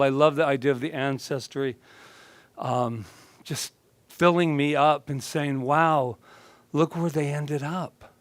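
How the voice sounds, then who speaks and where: Playful minister giving a chatty sermon. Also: male voice, a little high, no echo. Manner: playful, chatty, laughing often. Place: church sanctuary.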